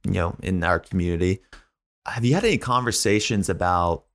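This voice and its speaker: A man's voice: sits low, a little fast, fairly bright tone. A man hosting a casual interview and asking easygoing questions. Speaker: host.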